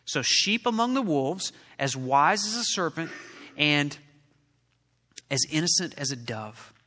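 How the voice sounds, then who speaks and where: A man's voice: fairly high pitch, expressive, measured pace, pushed and bright. A man preaching a sermon as pastor, building his delivery to emphatic peaks. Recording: long reverb of a large hall.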